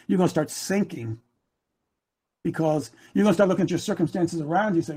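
A man's voice: a little high, fairly quick, pauses often, breathy edge. Emotional preacher in his sixties. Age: 60s. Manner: emotional, building to shouts; repeats phrases for emphasis. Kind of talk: sermon.

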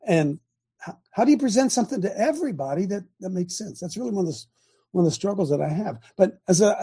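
A man's voice: fairly high pitch, mellow, breathy edge. An older man hosting a talk show, preaching in a folksy, emphatic way and repeating his points, recorded in a small home studio. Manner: folksy, emphatic, repeats phrases, quotes scripture. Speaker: host.

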